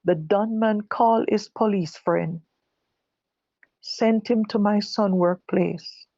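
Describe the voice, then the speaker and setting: An older Jamaican woman giving personal testimony, halting and correcting herself as she recalls what others said. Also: medium pitch, dark tone, dry recording, dull audio. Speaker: guest telling her own story. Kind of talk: personal testimony told live.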